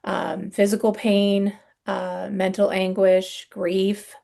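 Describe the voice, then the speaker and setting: Earnest middle-aged woman, gravelly edge. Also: mid-range voice, monotone. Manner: earnest, halting, with frequent ums and soft sighs. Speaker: guest sharing her story. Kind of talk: candid podcast interview.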